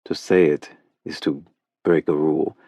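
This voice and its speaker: Casting: male narrator as a weary, gentle hockey star in an audiobook, soft and low, with a gravelly edge. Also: fairly even intonation, normal speed, no echo, studio quality, exaggerated voice. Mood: teasing low. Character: tired, tender young male hockey star.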